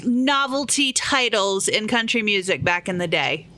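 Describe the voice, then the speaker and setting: A woman's voice: mid-range voice, lively intonation, a little slow, sharp tone. A woman co-hosting a casual podcast, an audiobook narrator who speaks in a wry, outspoken way. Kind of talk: casual chat.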